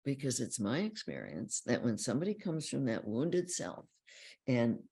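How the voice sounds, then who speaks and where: A woman counselor giving a calm, explanatory teaching talk about feelings, often repeating key phrases. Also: a bass voice, normal speed, creaky, breathy edge. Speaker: relationship counselor.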